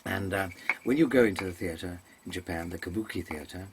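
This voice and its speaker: A deep-voiced man talks briskly against background noise. In a comic monologue aimed at a webcam, this actor rambles and digresses, full of ums and hesitant self-corrections, using mannered theatrical diction.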